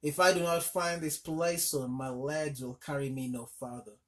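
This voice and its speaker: A desperate, determined mother from a folk tale, as a male storyteller puts her on. The voice is raised above his usual pitch and pushed loud and urgent. It is pleading one moment and shouting the next. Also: steady tone, moderate pace, lightly acted. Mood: weary pleading. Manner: pleading, then shouting angrily. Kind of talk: storybook reading.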